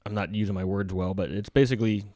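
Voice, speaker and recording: A man's voice: on the low side, fairly even intonation, fast, mellow, no room sound. A man hosting a podcast, telling a travel story in casual conversation, chatty and laughing between lines.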